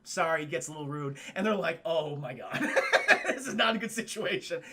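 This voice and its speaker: A man recapping a film live for his stream chat, excitable and freely profane. His voice is high and gravelly, with a bright, sharp tone. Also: brisk, a little hiss or hum.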